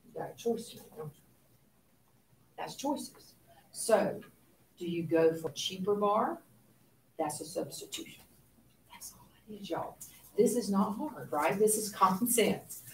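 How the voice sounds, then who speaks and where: A woman's voice: mid-range voice, animated, a little slow, long pauses, a little mellow, recorded from a distance, slight background noise. A woman teaching an economics lesson to a class, asking questions and dropping into near whispers for asides. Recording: roomy classroom, voice away from mic.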